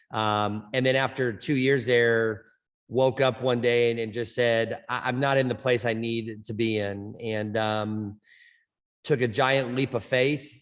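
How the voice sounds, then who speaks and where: A middle-aged man from California, a softball coach being interviewed on a podcast, who stutters and often repeats words and fills pauses. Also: medium pitch. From Orange County, California. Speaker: head softball coach, guest.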